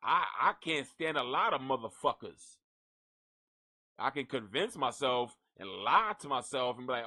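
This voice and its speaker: A man's voice: mid-range voice, big pitch swings, measured pace, bright, forceful tone. A man hosting a live gossip stream, rambling and cursing in a jokey, casual way as he signs off. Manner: profane, rambling, jokey, talks to an unseen donkey.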